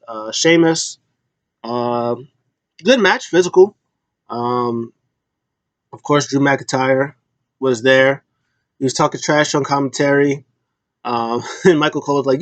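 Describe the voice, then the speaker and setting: Animated slangy man recapping wrestling. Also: medium pitch, measured pace, dry recording. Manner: animated storytelling, slangy, acts out quotes, many fillers. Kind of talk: casual recap commentary.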